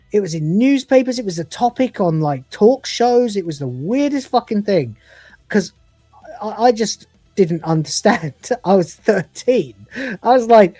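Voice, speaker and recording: A man's voice: sits high, warm tone, dry recording. A man in his forties co-hosting a casual live episode review, crude and swearing, often breaking into laughter. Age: 40s. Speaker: podcast co-host reviewing episodes.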